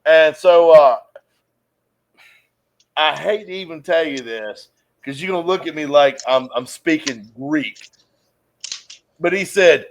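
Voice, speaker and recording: High-voiced man telling a profane story. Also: takes it slowly, pauses often. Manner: profane, animated yarn-spinner. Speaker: podcast host. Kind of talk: casual storytelling.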